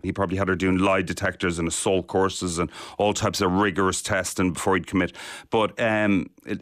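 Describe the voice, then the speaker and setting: Middle-aged man, low voice, humorous self-mocking anecdote, dry close sound. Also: no room sound. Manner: jokey, self-deprecating. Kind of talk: anecdotal storytelling.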